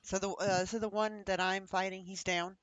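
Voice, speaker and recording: A casual player in a tabletop game talks through a turn with a mid-pitched voice. The speech grows mumbly while checking rolls, and the recording is dry and close. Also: little pitch movement, moderate pace, a bit bright, no room sound.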